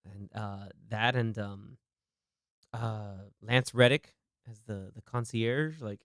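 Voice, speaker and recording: Animated man retelling scenes on a podcast. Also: on the low side, slow, no room sound, studio quality. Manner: animated, acts out movie scenes in quoted voices. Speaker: podcast host. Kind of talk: casual movie chat. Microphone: studio mic.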